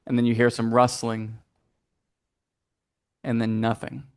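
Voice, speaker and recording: A man narrating as game master of a tabletop game, playful and animated, with sound effects. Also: medium pitch, unhurried, clear, resonant tone.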